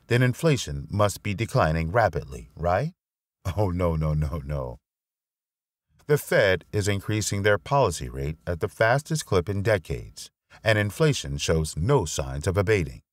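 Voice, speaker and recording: A man reading a finance blog essay aloud as narrator, with an expressive, wry delivery on a close mic. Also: deep voice, dry recording.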